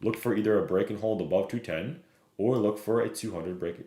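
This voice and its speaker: A man with a fairly low voice runs through stock charts on a live stream, reading chat messages and tagging his points with "right?" and "okay?". His voice carries a roomy echo. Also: dark tone, a little hiss or hum. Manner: fast, repeats "right?" and "okay?", reads chat aloud.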